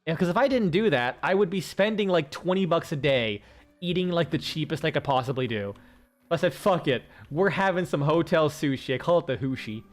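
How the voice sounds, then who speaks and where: A tired man chatting casually while streaming a game, rambling and excitable, swearing and laughing often. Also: a little high, fairly quick. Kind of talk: casual gaming stream chat.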